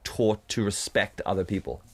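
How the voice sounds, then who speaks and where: A man in his thirties from the UK, co-hosting a casual podcast chat, telling rants in a sweary, animated way. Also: on the low side, normal speed, slightly rough. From United Kingdom. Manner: sweary, animated storytelling with mocking put-on voices. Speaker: podcast co-host.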